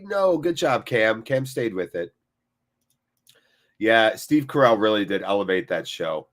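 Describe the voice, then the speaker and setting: A man's voice: on the low side, very animated, unhurried, long pauses, a bit bright. A man hosting a live football watchalong, chatting casually and jokingly with viewers, swearing freely and breaking off to react to the match. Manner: jokey and off-the-cuff, swears freely; reacts to the match between chat replies. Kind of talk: casual live-stream chat, reading viewer comments.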